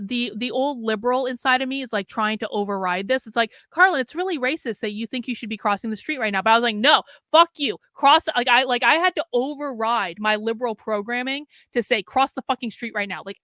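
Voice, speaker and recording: A woman's voice: on the high side, sharp tone, dry recording, clean studio sound. A woman host telling a personal story in a casual monologue, swearing often and filling her speech with "like" and restarts. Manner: profane, heavy use of filler "like", frequent restarts; agitated retelling. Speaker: political commentator host.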